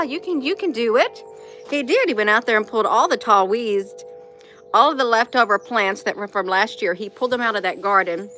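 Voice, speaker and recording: Folksy woman, livestream host, crisp bright voice, warmly coaxing chat. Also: medium pitch. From Indiana, USA. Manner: folksy, encouraging, addresses viewers as honey. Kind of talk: casual morning livestream chat.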